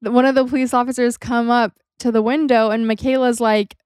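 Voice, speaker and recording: A young adult woman co-hosting a podcast, telling a story in a casual, expressive way and acting out what people said. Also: fairly high pitch, a little fast, clear, resonant tone, no echo, clean studio sound. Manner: expressive, laughs while telling, acts out quotes. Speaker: podcast co-host.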